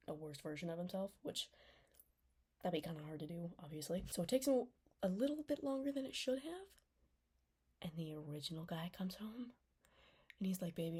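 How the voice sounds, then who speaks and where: Rambling young woman with a husky voice. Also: on the low side, mellow. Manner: rambling, lots of "like", drops into whispers. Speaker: vlogger reviewing a TV series. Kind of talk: casual chatty recap.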